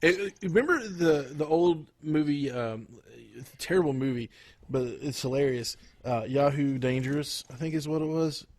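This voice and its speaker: A man co-hosting a podcast in casual chat, rambling with frequent pauses and restarts. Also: on the high side, animated, a little mellow. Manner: rambling, lots of fillers and restarts. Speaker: podcast co-host.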